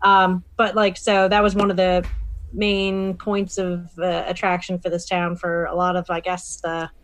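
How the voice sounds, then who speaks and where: A woman's voice: lowish voice, completely flat delivery, unhurried, dry recording. A woman in casual chat, reacting and telling a story in a talkative way.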